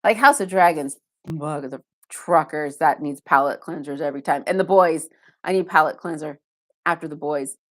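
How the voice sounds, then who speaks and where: Speaking at a normal speed in a low voice, a woman runs a laid-back live stream from the basement of her home. She works through viewer chat one comment at a time, keeping things loose and poking fun at herself along the way.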